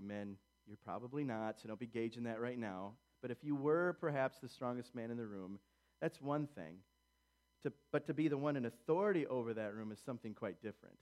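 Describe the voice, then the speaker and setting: Male pastor mid-sermon, earnest and emphatic. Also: medium pitch. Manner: earnest, urgent, emphatic with quiet asides.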